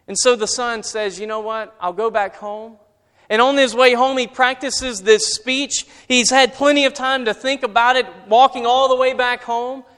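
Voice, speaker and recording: A man preaching a sermon and retelling a parable as a story. He builds his intensity and then drops to a quiet voice for tender moments. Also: very high voice, fairly even intonation, normal speed, hardly any pauses, clear, resonant tone. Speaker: pastor. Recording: reverberant hall.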